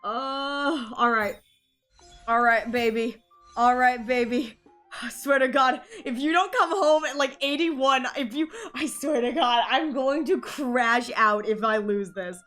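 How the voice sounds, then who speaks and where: A woman live-streaming, chatting casually and rambling excitedly over her game pulls, while sick. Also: high voice, measured pace, soft background music.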